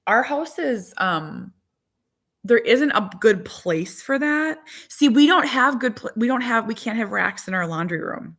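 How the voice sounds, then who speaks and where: A woman's voice: fairly high pitch, lively intonation, measured pace, fairly bright tone. A woman in her forties chatting casually to viewers as a vlogger and mother of four, rambling with lots of "like". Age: 40s. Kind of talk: casual chat to live viewers.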